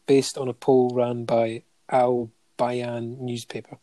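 A man's voice: mid-range voice, level tone, takes it slowly, warm tone, no echo. A man in casual podcast chat, reading out a long list of honours with frequent ums and light chuckles. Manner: listing facts steadily with many ums and chuckles.

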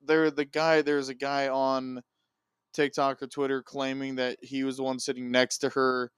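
A man's voice: mid-range voice, little pitch movement, normal speed, a bit bright, smooth, no room sound, clean studio sound. A man co-hosting a podcast in casual chat, laid-back and recounting stories at length. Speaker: podcast co-host.

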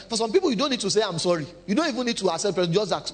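A man preaching a sermon, animated and humorous, acting out quotes. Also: high-pitched, very fast. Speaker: pastor.

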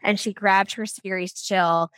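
A woman's voice: mid-range voice, fairly even intonation, a little slow, a bit bright, clear, resonant tone, dry recording, clean studio sound. A middle-aged woman talking casually as an interview guest, telling stories with laughs and restarts. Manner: chatty storytelling with laughs and restarts. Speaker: guest, product founder.

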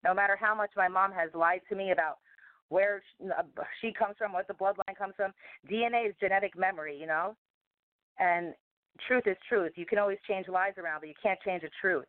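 A woman's voice: mid-range voice, fairly quick, no room sound. A woman guest on a talk show, speaking in a meandering, emphatic way with many fillers. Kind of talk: casual rambling conversation. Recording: tinny phone-line audio, dry.

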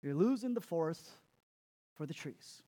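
A man's voice: on the high side, animated, moderate pace, dark tone. A man preaching a sermon as pastor, emphatic, repeating words and laughing at himself.

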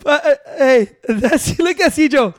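Man, casual banter, loud, joking, profane, Spanish mixed in, dry close mic. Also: extremely high pitch, expressive, moderate pace, no echo.

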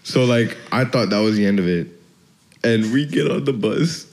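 A man's voice: fairly low pitch, lively intonation, normal speed, a little mellow. A young man casually telling a story to friends, laid-back, cursing often and laughing as he goes. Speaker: podcast storyteller.

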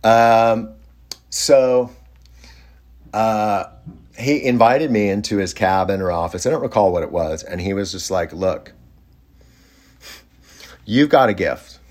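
A man telling a rambling story in a casual way, with many fillers and lively quoted voices. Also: on the low side, unhurried, long pauses.

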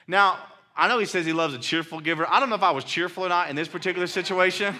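A male pastor preaching a sermon in a loose, conversational storytelling way, full of fillers and "like," acting out his own angry shouts. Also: on the high side, expressive, fast talker, hardly any pauses.

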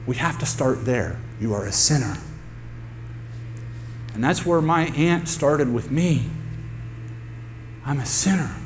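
A man's voice: medium pitch, lively intonation, slow, pauses often. A male pastor preaching a sermon to his congregation, emphatic and repeating key phrases for effect. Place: church sanctuary with a congregation. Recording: long hall reverb with faint hum.

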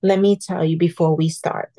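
A woman quoting a kind nun who speaks softly and reassuringly. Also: fairly low pitch, fairly even intonation, normal speed. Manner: soft, reassuring.

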